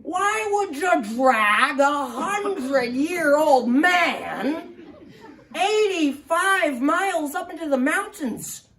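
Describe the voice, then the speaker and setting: A man's voice: very high voice, animated, very slow, pushed and bright, pitched above the performer's own voice, full character voice. A man voicing a cranky, forgetful hundred-year-old man who rambles through his old stories in a quavering old-timer twang. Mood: confused, suspicious. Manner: crotchety, easily offended, repeats his stories. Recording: roomy, distant mic.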